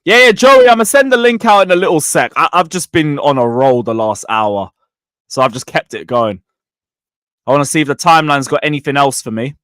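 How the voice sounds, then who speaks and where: A man hosting a live football stream, reading super chats and mocking rivals with excitable banter. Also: medium pitch, brisk, smooth, no echo, clean studio sound.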